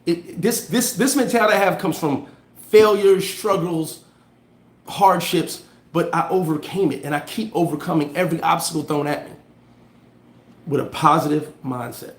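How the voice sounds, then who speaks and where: A man hosting a casual motivational livestream, telling animated stories in street slang and answering viewer comments. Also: a little high, normal speed, echoey room. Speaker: livestream host giving motivational talk. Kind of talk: casual motivational live chat.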